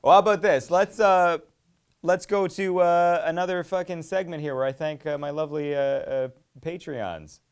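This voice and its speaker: A man's voice: fairly high pitch, normal speed, clean tone. A man hosting a podcast, joking sarcastically with lots of swearing in casual comedic chat. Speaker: podcast host.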